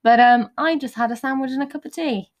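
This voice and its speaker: A woman's voice: high voice, fast. A woman from Liverpool with a Scouse accent, co-hosting a podcast in chatty, rambling storytelling. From Liverpool, England. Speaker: podcast co-host. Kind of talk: casual chat.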